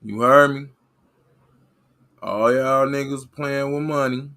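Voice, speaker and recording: A man's voice: mid-range voice, fairly even intonation, slow, bright, forceful tone. A man hosting a livestream and talking to his chat in a rambling, repetitive, fired-up way. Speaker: livestream host reading chat. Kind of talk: casual livestream rant.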